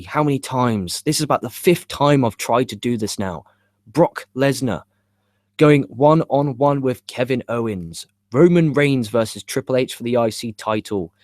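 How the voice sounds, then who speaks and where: Young male streamer, middle pitch, agitated rambling, dry sound. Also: animated, unhurried, darkish tone, no room sound. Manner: frustrated, swearing, rambling with stammers. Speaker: live show host. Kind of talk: live stream chat about wrestling. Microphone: cheap USB microphone.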